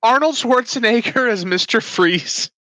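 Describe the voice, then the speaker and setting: A man's voice: very high-pitched, measured pace, sharp tone, no echo. A man co-hosting a podcast in casual, joking chat who swears freely. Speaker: podcast co-host.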